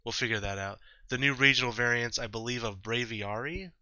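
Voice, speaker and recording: A man hosting a video game playthrough, chatty and rambling, who often stops to restart his sentences. His voice is very bright and tense. The recording is dry, on a slightly dull, lo-fi mic. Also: medium pitch, a little fast, dry recording. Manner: rambling, self-correcting, chatty. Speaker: let's-play host. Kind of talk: casual gameplay commentary.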